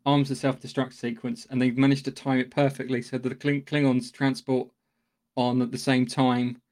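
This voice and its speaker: A man recaps a film scene in loose podcast chat, swearing freely and jumping into voices for the characters. His voice sits at an ordinary middle pitch. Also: little pitch movement, normal speed, darkish tone. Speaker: podcast co-host. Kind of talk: casual film discussion.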